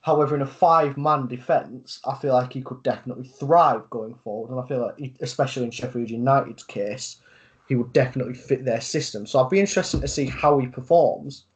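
Podcast co-host, man, casual football chat, hesitant and measured delivery, average pitch. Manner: hesitant, many fillers, measured.

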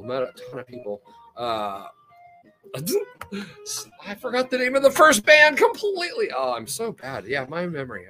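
A man's voice: a little high, bright, forceful tone. A man hosting a podcast, telling a rambling, profane story in casual chat and laughing often. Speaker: podcast host.

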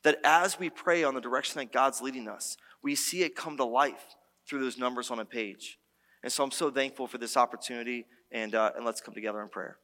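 A man preaches to his church in a loose, conversational way, stumbling and restarting as he tells stories. His voice sits at an ordinary mid pitch. The sanctuary leaves a long reverb tail on every phrase. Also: a little fast. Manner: conversational, animated storytelling with many restarts. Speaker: pastor. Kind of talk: sermon.

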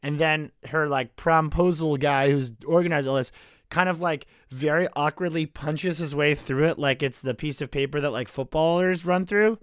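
A man's voice: a little high, fairly bright tone, clear, resonant tone, dry recording, studio quality. A young man co-hosting a podcast, telling jokey, sarcastic stories in casual chat. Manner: joking, sarcastic storytelling. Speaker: podcast co-host.

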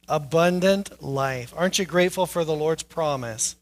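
High-voiced pastor preaching conversationally. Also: male voice, moderate pace, few pauses. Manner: conversational preaching, rising emphasis on key points. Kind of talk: sermon. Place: church sanctuary.

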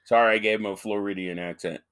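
A man's voice: lowish voice, steady tone, fast, a crowd in the background. A man co-hosting a podcast, arguing animatedly in casual, profanity-laced banter. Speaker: podcast co-host.

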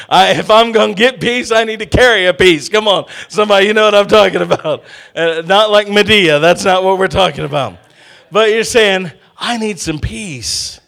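Middle-aged guy preaching, high voice, lots of "come on somebody" to the crowd. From Texas. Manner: lively, call-and-response with congregation. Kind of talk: sermon.

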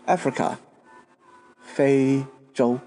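A man's voice: mid-range voice, drawn-out words, dark tone. A man from Taiwan, a podcast host giving a patient language lesson and spelling out words letter by letter.

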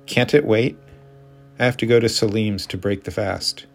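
A worn-out, cranky husband answers in short, curt bursts, read by a man. The voice is low and gravelly, with a snappish edge. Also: steady tone, moderate pace, soft background music. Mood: irritable. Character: tired, irritable fasting husband, adult man.

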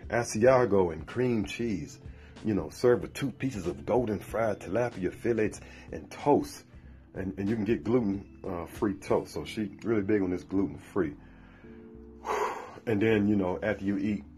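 Deep-voiced enthusiastic man hosting a podcast. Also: a little mellow. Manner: enthusiastic, repetitive restarts. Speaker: podcast host. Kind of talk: casual promotional podcast talk. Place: Birmingham, Alabama.

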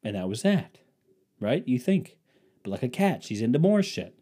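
A man's voice: mid-range voice, very animated, normal speed, dark tone, breathy edge. A man hosting his own podcast, delivering a profane, sarcastic, rambling comedic rant. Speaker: podcast host. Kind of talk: casual comedic monologue.

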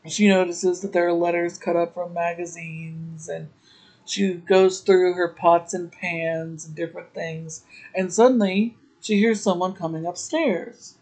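This podcast host speaks in a lowish, darkish voice with fairly even intonation, and the audio is poor. Casually recapping an episode, she chats along slowly, drawing out her words and adding laughing asides.

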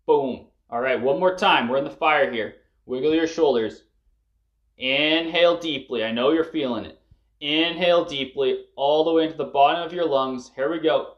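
A man's voice: on the high side, normal speed, highs cut off. A man guiding listeners through a breathwork and emotional release session, coaching them urgently and swearing at the peaks. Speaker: breathwork facilitator.

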